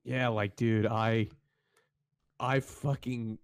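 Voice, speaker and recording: A man chatting loosely on a livestream, giggly and rambling, high on edibles. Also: lively intonation, normal speed. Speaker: livestream guest. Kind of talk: casual livestream banter.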